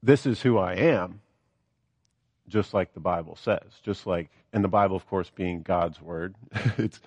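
A man's voice: sits low, measured pace, a little mellow, husky, no room sound. A man preaching a sermon, reading scripture aloud and then explaining it with earnest, rising emphasis.

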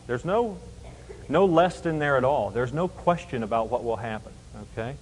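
A man's voice: a little high, expressive, moderate pace, slightly rough, in a large hall, poor audio. A man teaching a Bible passage verse by verse, emphatic and explanatory, often asking rhetorical questions.

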